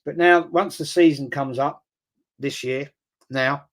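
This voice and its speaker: A middle-aged man chatting through a live football watch-along stream, rambling and excitable and swearing freely. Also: fairly high pitch, slow pace.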